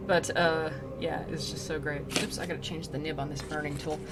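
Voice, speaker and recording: A woman's voice: deep voice, flat delivery, brisk, over music. A young woman streamer reading a classic poem aloud and riffing on it in casual slang while doing a craft, with frequent laughs. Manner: chatty, paraphrases in modern slang, laughs often. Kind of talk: casual read-aloud with commentary.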